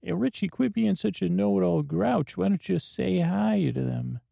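A man's voice: high voice, animated, moderate pace, creaky, dark tone, no echo, clean studio sound, pitched above the performer's own voice, exaggerated voice. A man putting on a chirpy folksy goof. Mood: chirpy host. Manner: folksy, chirpy, says buckaroos and bucko. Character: goofy cheery grown man, folksy and eager. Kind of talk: improvised comedy scene.

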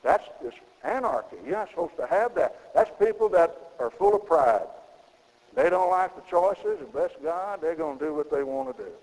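A middle-aged man preaching a sermon, folksy, with sudden high emphatic rises in his gravelly voice. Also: big pitch swings, moderate pace, darkish tone, long reverb tail, poor audio.

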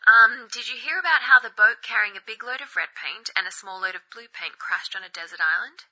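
Woman with a very bright, sharp voice, delivering a joke dry and deadpan. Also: fairly high pitch, brisk, poor audio. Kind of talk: telling a joke.

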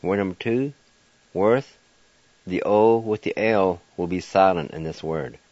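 A man leads a radio language lesson in a low voice, unhurried and very patient. He spells words out letter by letter and repeats each syllable. The sound is dry and a little dull, like an old broadcast. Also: darkish tone, no room sound. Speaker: language teacher and radio host.

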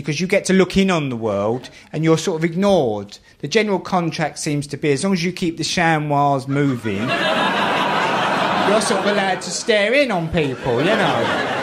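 A man's voice: a little high, fairly bright tone, a little hiss or hum. A middle-aged man with a Cockney accent, telling a stand-up comedy routine in a chatty, storytelling way on a theatre stage. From London. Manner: chatty storyteller, laughs at his own jokes. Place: theatre stage with a laughing audience.

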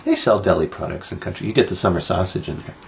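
A man's voice: low-pitched, fast, gravelly, a little hiss or hum. A man co-hosting a casual talk show, reading odd news stories and teasing his co-host. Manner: jokey, teasing, animated storytelling. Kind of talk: casual banter.

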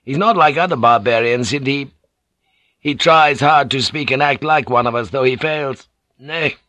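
A male reader voicing a poised, courteous samurai noblewoman who speaks softly and formally. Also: mid-range voice, moderate pace, no room sound, voice pushed up, close to an everyday voice. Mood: polite. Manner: soft, formal and deferential.

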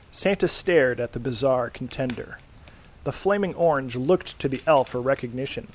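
A man narrating a scripted horror story in a dry, deadpan reading. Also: medium pitch, normal speed. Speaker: podcast host and reader.

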